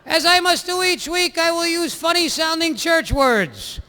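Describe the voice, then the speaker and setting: A man's voice: lively intonation, a little slow, pushed and bright, exaggerated voice. A man playing a priest who drags out every word in a clipped, strained, froggy singsong. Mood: droning, pompous. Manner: high sustained singsong chant. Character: droning male priest, clipped nasal singsong, padding mass. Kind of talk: stand-up character bit.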